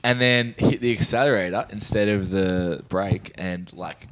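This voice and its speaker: A man co-hosting a comedy podcast, teasing his friends in casual banter and quick to laugh. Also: on the low side, a bit bright. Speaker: podcast co-host.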